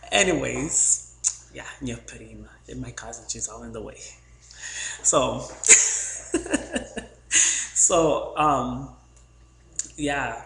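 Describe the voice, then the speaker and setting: A man from the Boston area telling a rambling, joking story to his camera with lots of fillers. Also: medium pitch. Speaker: vlogger. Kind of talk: casual storytelling vlog. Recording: echoey room, faint background hum.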